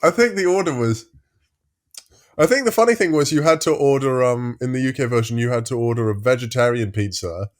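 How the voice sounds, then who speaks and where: A man's voice: mid-range voice, a little fast. A man co-hosting a podcast, chatting casually with wry, teasing remarks. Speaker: podcast co-host.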